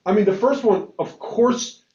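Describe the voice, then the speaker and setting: A rabbi leads a casual group discussion, his voice a little high and quick to rise in emphatic bursts. He restarts his sentences often as he works through a thought. The recording is dull and lo-fi, with a roomy echo around him. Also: crowd noise. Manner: animated, emphatic, many restarts. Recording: echoey room, dull lo-fi sound.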